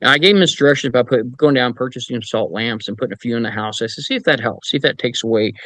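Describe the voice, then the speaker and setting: Man, middle-aged, casual storyteller, animated, mid pitch, dry podcast mic. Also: rapid-fire, dry recording. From Indiana, US. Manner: animated anecdotes, acts out quoted voices; frequent fillers and restarts. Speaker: paranormal investigator guest.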